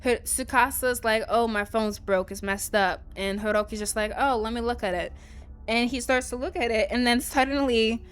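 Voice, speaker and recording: A woman's voice: moderate pace, smooth, faint music behind. A woman hosting a let's play, telling a story in a chatty, casual way with lots of "like" and "um". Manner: chatty storytelling, lively jumps in pitch, frequent "like" and "um". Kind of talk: casual gaming commentary.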